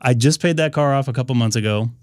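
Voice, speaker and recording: A man's voice: medium pitch, fast talker, a little mellow, dry recording. A man hosting a ham radio live stream, talking casually and rambling with frequent fillers and restarts.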